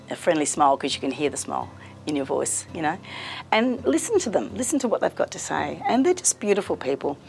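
A middle-aged woman, a community radio presenter telling stories in a warm, chatty, lively interview manner. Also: sits low, gravelly. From Australia. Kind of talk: casual interview storytelling.

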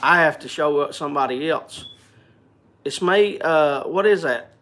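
A man's voice: a little high, a little slow, fairly bright tone. A man hosting a casual live stream, joking and chatting, greeting viewers by name, often repeating and stumbling over words.

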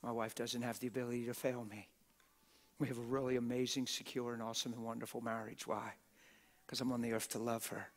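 A man's voice: medium pitch, flat delivery, fairly quick. A man preaching a live church sermon in a conversational way, firing rhetorical questions at the audience and acting out the voices of people he quotes. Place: church gathering.

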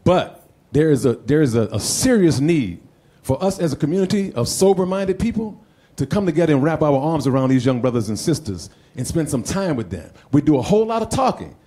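A man's voice: a little high, very animated, fairly quick, dark tone. A middle-aged male panelist speaking earnestly about trauma and calling for mentors. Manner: earnest, urging the community to act. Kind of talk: panel talk.

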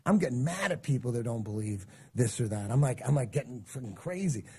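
A man's voice: mid-range voice, brisk, slight background noise. A man in his forties, a guest in casual chat, telling a long story and acting out the things people said to him. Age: 40s. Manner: animated storytelling, acting out quoted exchanges.

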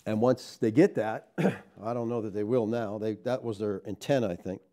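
At normal speed, a man leads his congregation through a spirited sermon. He poses rhetorical questions and moves back and forth between forceful, loud statements and soft side remarks.

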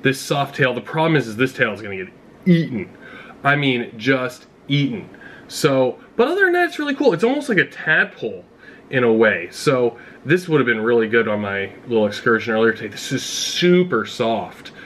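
A man vlogging an unboxing in an excitable, casual way, talking straight to his viewers. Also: mid-range voice, moderate pace, slight background noise. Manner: excitable, talks to viewers directly. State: out of breath. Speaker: fishing vlogger.

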